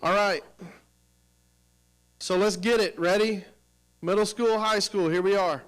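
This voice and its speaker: A man's voice: high voice, unhurried, clean tone, low-quality recording. A middle-aged man leading a teacher training workshop, firing questions at staff seated at tables and coaxing answers out of them. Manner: energetic, questioning, coaxing the audience. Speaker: professional development presenter.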